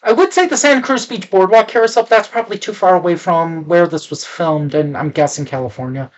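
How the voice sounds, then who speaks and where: A woman's voice: lowish voice, brisk, muffled recording. A woman co-hosting a casual movie review chat, butting in with jokes and teasing asides. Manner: joking, teasing interruptions. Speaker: podcast co-host.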